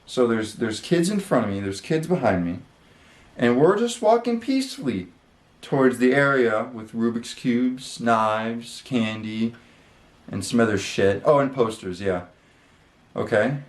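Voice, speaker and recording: A man's voice: mid-range voice, animated, measured pace. Rambling man in a roomy echo. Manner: rambling, with many fillers and casual swearing. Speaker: channel host. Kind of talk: casual storytelling. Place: his room.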